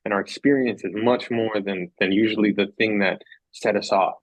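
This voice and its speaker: Husky-voiced man, earnest and rambling. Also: lowish voice, fairly even intonation, normal speed, no room sound, low-quality recording. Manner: earnest, rambling, repeats phrases for emphasis. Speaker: podcast guest. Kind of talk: reflective casual conversation.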